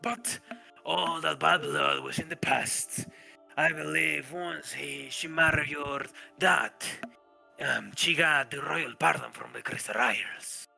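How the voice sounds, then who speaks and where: A man's voice: on the high side, takes it slowly, gravelly, bright, forceful tone, faint music behind, exaggerated voice. A man voicing a scarred older male teacher who slyly spreads tales of old crimes.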